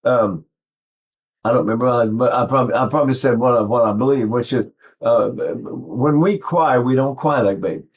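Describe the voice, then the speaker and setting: A man's voice: mid-range voice, normal speed, highs cut off. A man in his eighties giving an informal singing lesson, rambling and digressive, often breaking off to demonstrate vocal sounds. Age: 80s. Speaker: voice teacher.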